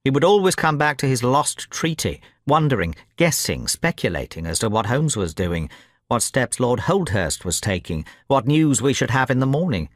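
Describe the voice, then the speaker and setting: A man narrating an audiobook in a clear, measured reading pace meant for language learners. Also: medium pitch, big pitch swings, no echo, studio quality.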